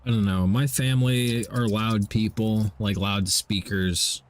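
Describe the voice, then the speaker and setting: A young man chatting loudly and excitably on a game stream, swearing freely and ranting. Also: fairly low pitch, a little slow, slight background noise. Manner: loud, excitable, profane ranting. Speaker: gaming streamer. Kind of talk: casual stream chat.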